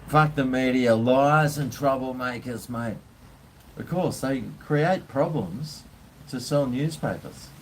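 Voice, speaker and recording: A man's voice: medium pitch, takes it slowly, a little hiss or hum. A man with an Australian accent, ranting bluntly and swearing as he chats casually with viewers on his livestream. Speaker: live stream host.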